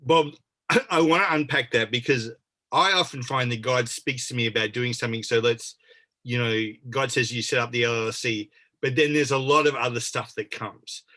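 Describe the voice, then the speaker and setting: A man's voice: medium pitch, normal speed, sharp tone. A man hosting a casual interview, curious and asking follow-up questions. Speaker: host.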